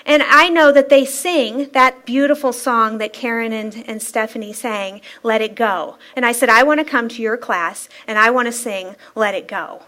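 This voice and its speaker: A woman, a spiritual practitioner, giving an inspirational sermon-style talk in a church, telling stories in a lively, playful way and laughing often. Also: on the high side, normal speed, hardly any pauses. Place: church sanctuary.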